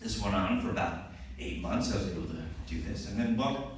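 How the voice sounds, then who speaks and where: A man doing stand-up comedy, telling a story with lively asides and laughing as he goes. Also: sits low, fairly quick, a little hiss or hum. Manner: animated storytelling with laughing asides and put-on voices. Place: comedy club. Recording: echoey club recording from a distance. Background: audience laughter.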